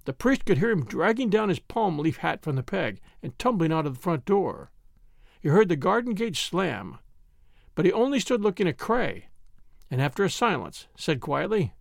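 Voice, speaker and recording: Lively, gravelly male audiobook narrator. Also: high-pitched, no echo, clean studio sound. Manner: measured storytelling. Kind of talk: audiobook reading.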